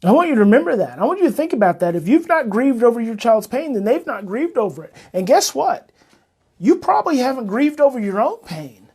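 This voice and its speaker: A man hosting a heartfelt talk for parents, his voice husky with a breathy edge. He speaks with open emotion and repeats lines for weight. He often eases into a gentle, soothing tone. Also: very high voice, very animated, brisk. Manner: emotional, earnest, repeats phrases, turns soft and soothing. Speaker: parenting coach and show host.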